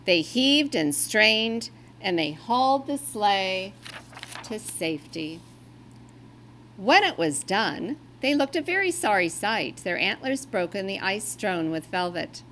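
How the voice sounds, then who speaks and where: A woman reading a children's story aloud in a gentle, expressive storytelling way. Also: mid-range voice, slow, slight background noise.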